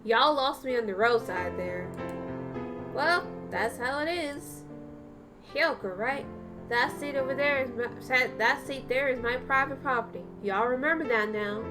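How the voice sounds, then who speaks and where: A woman voicing a cocky male budgerigar who is a cafe regular, talking in a slow country drawl over game music. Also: high-pitched, fairly even intonation.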